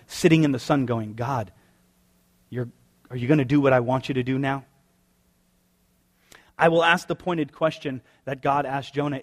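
A man preaching a sermon as pastor, conversational and wry, firing off rhetorical questions. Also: fairly high pitch.

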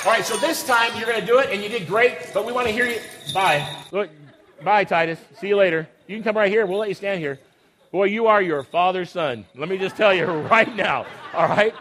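A man's voice: sits high, a little fast, fairly bright tone. A man leading a children's Christmas program on a church stage, upbeat and coaxing, teasing the kids as he goes. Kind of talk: lively emcee talk to children on a stage.

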